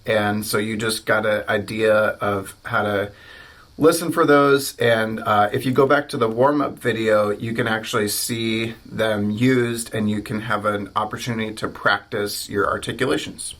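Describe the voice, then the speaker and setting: A man's voice: lowish voice, fairly even intonation, normal speed, a bit bright. An American man teaching a trumpet lesson, explaining articulation and saying practice syllables aloud. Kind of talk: instructional video lesson.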